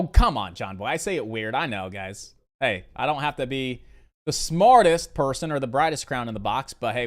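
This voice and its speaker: Man, live stream host, casual rambling Q&A, lots of fillers, repeats himself in lists, mid-pitched voice. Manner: loose, rambling, answers viewer questions with fillers; repeats key points in lists.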